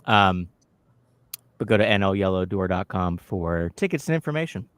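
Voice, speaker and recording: A man's voice: deep voice, big pitch swings, normal speed, smooth, no echo. A man hosting a casual chat at a comedy club, talking through upcoming shows and plugging them. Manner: chatty, promotional, talks through plans. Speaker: host.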